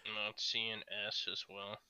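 A man's voice: fairly low pitch, completely flat delivery, normal speed, bright, forceful tone, smooth, poor audio. A man in casual chat who reasons things through in a thoughtful, analytical way.

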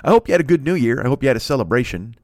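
A man's voice: mid-range voice, expressive, rapid-fire, no room sound, studio quality. A man around forty hosting a solo podcast, rambling through self-mocking jokes and profanity while alone at his microphone. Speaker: podcast host. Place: alone indoors at night. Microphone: studio microphone.

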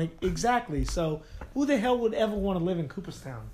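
A man co-hosting a podcast, talking casually and excitably with lots of fillers. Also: sits high, a little fast, a little hiss or hum. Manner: excitable, storytelling with many fillers. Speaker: podcast co-host. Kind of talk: casual chat.

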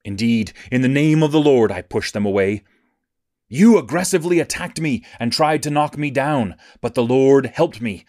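A man reading scripture aloud in a measured, even reading cadence. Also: medium pitch, no room sound, clean studio sound. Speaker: scripture reader.

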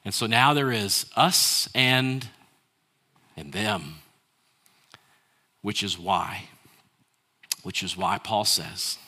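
A male pastor preaches a sermon in a lowish voice, speaking very slowly with long pauses. He poses rhetorical questions, draws answers from the congregation, and has them repeat lines back to him, swinging between hushed and raised delivery.

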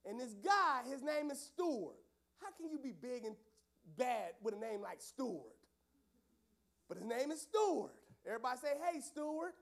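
High-pitched guy preaching to youth, loose storytelling, gets loud. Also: moderate pace, creaky. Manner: animated, casual storytelling with loud outbursts. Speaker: youth pastor. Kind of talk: storytelling sermon to young people.

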